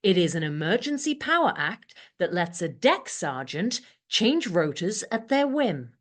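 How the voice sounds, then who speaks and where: A woman's voice: on the low side, very animated, a little slow. A woman playing a strict, smug female deck sergeant in an audio comedy, commanding and officious. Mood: bossy.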